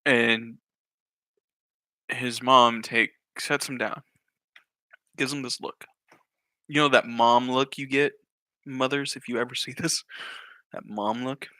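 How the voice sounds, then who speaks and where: A young man and YouTuber telling a comic story in an animated, jokey way. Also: medium pitch, takes it slowly, pauses often, no echo. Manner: animated, jokey, breaks off with laughter. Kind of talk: comedic storytelling.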